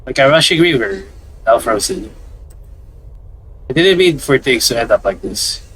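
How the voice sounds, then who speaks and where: A man's voice: medium pitch, expressive, moderate pace, a bit bright, slight background noise. A man narrating a visual novel aloud as a let's play commentator, hesitant and repeating words as he reads.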